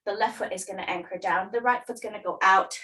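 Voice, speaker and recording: A woman's voice: medium pitch, steady tone, fast, pushed and bright, recorded from a distance, rough recording. A woman fitness instructor, a little out of breath, guiding a workout and counting reps with encouragement.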